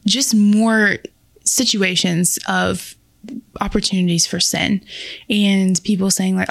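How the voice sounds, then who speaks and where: A woman's voice: medium pitch, fairly even intonation, slow, gravelly, dry recording, studio quality. A woman co-hosting a podcast, speaking in an earnest, reflective way. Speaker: podcast co-host. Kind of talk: casual chat.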